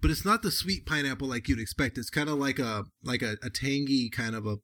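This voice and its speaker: A man hosting a casual podcast, rambling and halting with fillers while fighting a cold. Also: mid-range voice, bright, forceful tone. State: has a cold. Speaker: podcast host reviewing beer. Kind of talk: casual chat.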